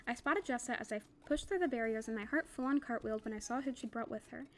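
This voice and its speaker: A young woman reading a novel aloud for a book club, quick and casual, with chatty asides. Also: fairly high pitch.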